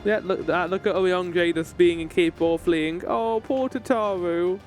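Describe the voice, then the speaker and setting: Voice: medium pitch, normal speed, a little mellow, soft background music. A game streamer chatting casually and reacting to cutscenes, sometimes swearing. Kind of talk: casual gameplay commentary.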